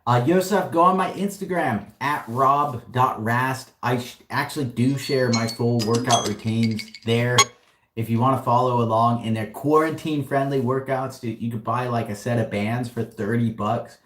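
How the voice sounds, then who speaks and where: A man's voice: medium pitch, moderate pace, fairly bright tone. Laid-back man in an echoey room. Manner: upbeat, slangy, laughs often. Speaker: host answering viewer questions. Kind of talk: casual livestream Q&A. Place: warehouse.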